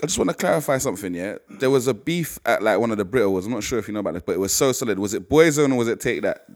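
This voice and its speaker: A man hosting a podcast, chiming in with quick banter and questions. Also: fairly low pitch, expressive. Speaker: podcast host. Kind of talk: casual chat. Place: podcast studio.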